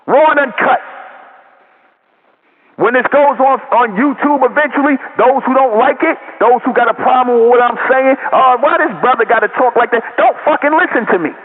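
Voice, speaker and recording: A man giving a loud, profane, confrontational monologue as a group leader, with a raised voice and a lot of repetition. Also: very high-pitched. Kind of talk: impassioned monologue. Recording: tinny phone-like audio with long reverb.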